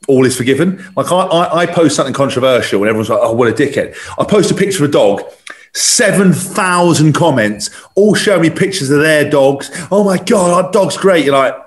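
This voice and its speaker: Bloke on a video call chat, rambles and swears, mid pitch. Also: male voice. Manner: rambling storyteller, lots of fillers and swearing. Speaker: podcast guest. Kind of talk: casual chat.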